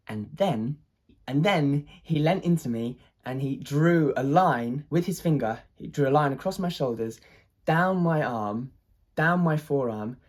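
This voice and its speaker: A husky-voiced speaker tells a personal story in a loose, rambling way. The delivery is hesitant, with fillers and restarts, and carries an excitable sense of wonder at mid pitch. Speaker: artist telling a personal story.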